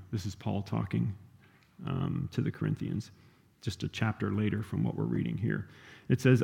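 A man's voice: on the low side, unhurried, vocal fry, mellow, long reverb tail. A man preaching a sermon in a conversational teaching manner, often checking in with "right?" and using fillers.

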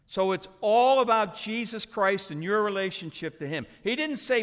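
Animated preacher in a reverberant hall. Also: male voice, high voice, normal speed, hardly any pauses. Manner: dramatic, acts out characters with shouts and whispers. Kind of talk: animated sermon with acted-out voices.

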